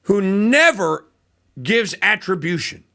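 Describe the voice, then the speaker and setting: A man hosting a talk radio show, talking in an animated, mocking way and breaking into voices. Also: high-pitched, slow pace. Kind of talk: opinionated talk radio monologue.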